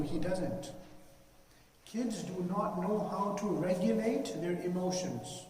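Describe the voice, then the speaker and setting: A man's voice: high voice, warm tone, slight background noise. A man and parent, giving an earnest, plain-spoken religious reminder about parenting, repeating his points. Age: adult parent. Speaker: Islamic speaker giving a reminder. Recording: echoey hall from far off.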